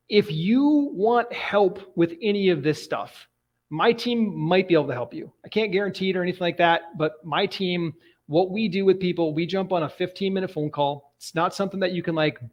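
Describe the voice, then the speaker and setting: A man coaching on real estate investing in a live online training, telling stories in an animated way. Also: high-pitched, normal speed. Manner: animated storytelling.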